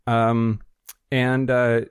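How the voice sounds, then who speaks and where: A man's voice: mid-range voice, completely flat delivery, extremely slow, smooth, no room sound. A man co-hosting a podcast in a studio, reading news items with blunt, profane sarcasm. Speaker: podcast co-host. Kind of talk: casual chat, reading news.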